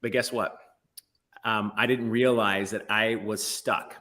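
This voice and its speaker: Bright-voiced emphatic motivational man. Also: on the low side, fairly even intonation, takes it slowly. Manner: emphatic, rambling, restarts. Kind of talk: motivational panel talk.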